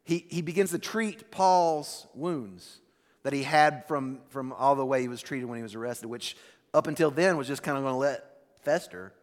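A man's voice: medium pitch, normal speed. A male pastor giving a sermon in a church, talking casually and conversationally, often restarting his words. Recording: long reverb in a church hall.

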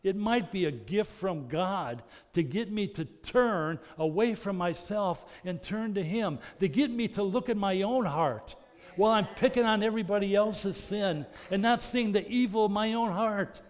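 A man preaching a sermon as pastor, earnest, moving between loud emphasis and soft, intimate passages. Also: high voice, moderate pace. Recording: long reverb of a large hall.

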